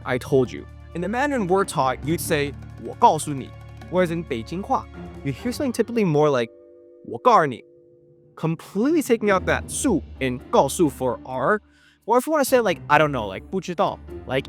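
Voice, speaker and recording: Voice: mid-range voice, sing-song, fast talker, soft background music. A narrator and language teacher giving scripted explainer narration in a playful, jokey way.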